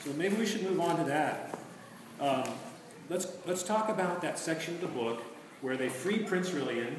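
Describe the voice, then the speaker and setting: A man teaching a literature lesson in an animated, questioning way. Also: a little high, moderate pace. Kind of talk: literature lecture with read-aloud. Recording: echoey room from far off, noisy.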